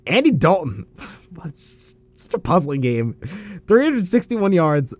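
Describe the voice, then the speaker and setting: A young man co-hosting a college sports radio show, an animated storyteller quick with banter. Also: fairly high pitch. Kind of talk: casual sports chat.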